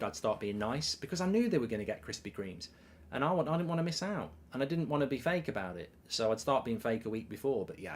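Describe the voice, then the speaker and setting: A man hosting a live football watchalong, chatting casually, telling stories and reading out viewer messages with swearing and lively asides. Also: medium pitch. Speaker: live stream host reading super chats.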